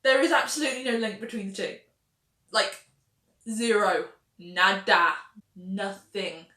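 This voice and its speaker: A woman's voice: medium pitch, a little slow, pushed and bright, echoey room. A woman hosting a history video, narrating facts with wry, sarcastic asides.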